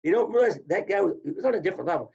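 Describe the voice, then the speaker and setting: A man's voice: high-pitched, rapid-fire, vocal fry. A man, telling wrestling stories in casual chat and acting out the quotes. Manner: animated storyteller, acts out quotes. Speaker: podcast guest, former wrestler. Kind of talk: casual storytelling. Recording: dull lo-fi audio.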